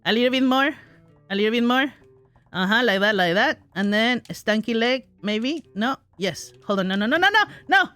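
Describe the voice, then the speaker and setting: A woman's voice: a little high, normal speed, fairly bright tone, dry recording, faint music behind. A woman commentating her own gameplay, talking to herself, giggling often and crying out when things go wrong. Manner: giggly, self-talking, exclaims in frustration. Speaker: gaming streamer.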